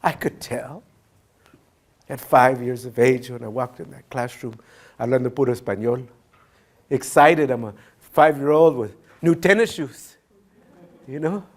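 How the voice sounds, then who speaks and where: A man giving a storytelling keynote speech, animated, mixing Spanish phrases into his English. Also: medium pitch, measured pace, long pauses. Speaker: keynote speaker.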